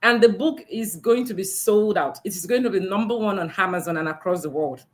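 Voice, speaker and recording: A woman's voice: mid-range voice, brisk. A woman hosting a virtual book launch interview over a video call, encouraging and laughing often. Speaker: host.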